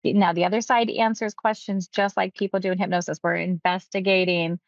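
A woman hypnotherapist recounting a client's session, talking quickly and acting out quotes. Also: medium pitch, no echo, highs cut off. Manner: quick, animated retelling with acted quotes. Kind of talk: storytelling about a client session.

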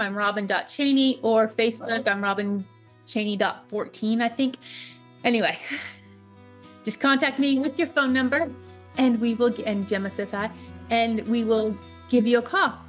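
Excitable woman leading a healing session. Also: fairly high pitch. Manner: energetic, laughs often, talks fast and excited. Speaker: psychic healer hosting a show. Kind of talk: live guided healing session.

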